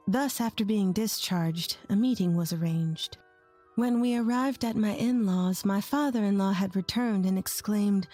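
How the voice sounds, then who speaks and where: A woman narrating a first-person story in a plain, measured scripted way. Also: mid-range voice, mellow. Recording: faint music bed under the voice.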